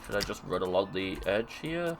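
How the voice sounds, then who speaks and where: A man's voice: fairly low pitch, very animated, normal speed, over music, poor audio. A British man chatting casually while streaming a game, rambling, joking and muttering to himself as he plays. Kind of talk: casual gameplay chat.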